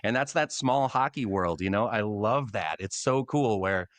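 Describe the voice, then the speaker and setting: A middle-aged man, a longtime public address announcer, telling animated stories in a casual podcast interview. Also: on the low side, moderate pace, dry recording. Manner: animated storyteller, acts out quotes.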